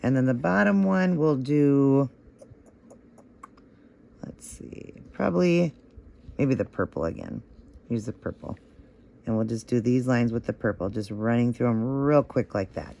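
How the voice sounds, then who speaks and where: A man's voice: mid-range voice, lively intonation, measured pace, gravelly, pauses often, darkish tone. A man hosting a nail art tutorial, talking through each step in a chatty, encouraging way and gushing over how the results look.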